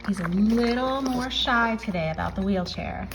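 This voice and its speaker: A woman caring for a rescue puppy, cooing and whispering soft baby talk to it between casual explanations for a pet vlog. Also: mid-range voice, normal speed, hardly any pauses, very noisy. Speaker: dog rescue caretaker.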